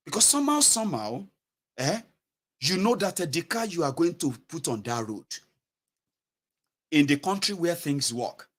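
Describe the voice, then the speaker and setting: Animated Nigerian man commentating. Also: on the high side. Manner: animated, acts out mocking prayers in Nigerian Pidgin. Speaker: political commentator. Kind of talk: casual political commentary.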